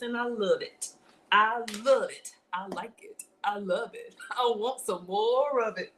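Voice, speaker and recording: A woman's voice: medium pitch, a little slow, fairly bright tone, slight background noise. A woman with a slight Southern drawl hosting a casual cooking live stream from her home kitchen, chatting with viewers and laughing often. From African born, grew up in the US South.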